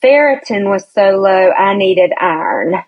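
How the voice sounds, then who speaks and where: A woman guest tells a personal story in an easygoing, unhurried way. She speaks at a middling pitch and acts out the voices of the people in her story. The audio is a little muffled and lo-fi. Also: animated. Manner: chatty storyteller who acts out quoted voices, laughs often. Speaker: podcast guest. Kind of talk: casual storytelling interview.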